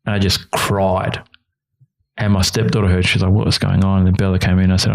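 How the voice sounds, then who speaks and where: A man's voice: deep voice, monotone, brisk, gravelly, darkish tone. A man, a guest telling a candid, emotional personal story in an interview. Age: 30s. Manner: earnest, emotional, quotes others in his stories. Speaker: youth worker and guest.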